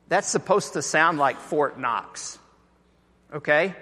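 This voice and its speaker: A pastor preaching a sermon, telling stories animatedly and acting out the voices of the people in them. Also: male voice, a little high, animated, takes it slowly, pushed and bright. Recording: echoey hall.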